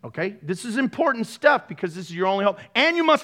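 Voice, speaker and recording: A male pastor preaching with a high, bright voice that swings all over the place. He jokes and laughs often and keeps tossing sarcastic asides to his congregation. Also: brisk, hardly any pauses. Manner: animated, joking, laughs often. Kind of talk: sermon.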